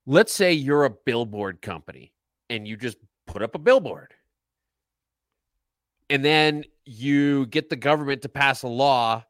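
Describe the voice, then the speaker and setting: A man's voice: medium pitch, a bit bright, smooth, no echo. A man co-hosting a podcast, ranting casually about politics with lots of filler words. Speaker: podcast co-host.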